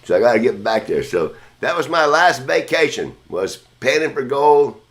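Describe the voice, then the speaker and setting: A man's voice: mid-range voice, big pitch swings, normal speed, fairly bright tone. A man hosting a podcast, telling a long story in a casual, rambling, profane way. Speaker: podcast host.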